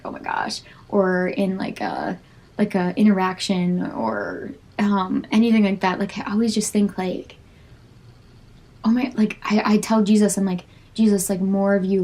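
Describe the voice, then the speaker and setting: A woman's voice: mid-range voice, mellow. Young woman podcast host, self-critical faith talk, full of "um" and restarts. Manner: halting, searching, many fillers and restarts. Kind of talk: personal faith reflection.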